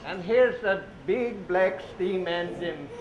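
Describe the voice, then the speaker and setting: Sitting high in pitch and keeping a slow pace, a man reads train picture books to children in a sing-song voice. As their storybook reader, he repeats words and prompts the kids to say the train sounds alongside him, recorded in an echoey room with dull, noisy lo-fi quality.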